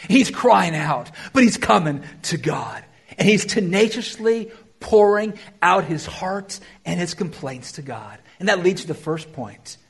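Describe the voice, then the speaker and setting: A man preaching a sermon, addressing the church with emphatic rises and quiet, drawn-out phrases. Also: high voice, sing-song, vocal fry, slightly rough. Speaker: pastor.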